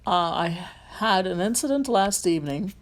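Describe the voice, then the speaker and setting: A woman's voice: medium pitch, expressive, normal speed. A woman with a light Southern accent, a rideshare driver and vlogger, talking casually through a phone tutorial, rambling with frequent ums and restarts.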